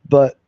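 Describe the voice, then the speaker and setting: A man's voice: warm tone, no echo. A man live streaming, chatting casually to his viewers in a rambling, folksy way and swearing freely. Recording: dull lo-fi mic.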